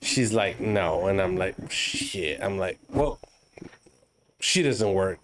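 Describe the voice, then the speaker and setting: A man's voice: low-pitched, slow pace, a loud crowd. A young man hosting a podcast, chatting casually and acting out quoted lines in changing voices. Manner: animated storyteller, acts out quotes in shifting voices. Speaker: podcast host. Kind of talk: casual chat.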